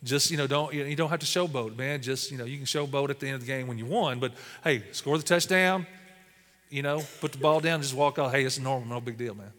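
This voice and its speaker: A man's voice: medium pitch, fairly even intonation, a little fast, fairly bright tone, in a large hall. A man preaching a sermon as pastor, speaking conversationally with lots of "you know" fillers.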